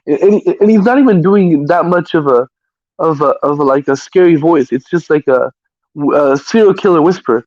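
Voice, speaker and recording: A man's voice: a little high, moderate pace, a little mellow. Rambling man on a lo-fi stream. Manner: rambling, with frequent stammered restarts. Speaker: live stream host. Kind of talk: casual movie chat.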